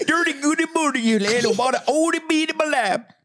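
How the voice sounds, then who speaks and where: A woman's voice: sits high, fairly quick, fairly bright tone, pitched above the performer's own voice. A woman putting on a mock preacher voice, reciting scripture in solemn, sing-song gibberish.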